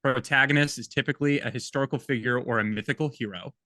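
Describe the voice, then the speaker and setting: Male podcast co-host with a bright, punchy voice and a dry, close sound. He is casual, chatty and joking. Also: medium pitch, fast talker, dry recording. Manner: chatty, jokey, reads quotes aloud. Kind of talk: casual film-review chat.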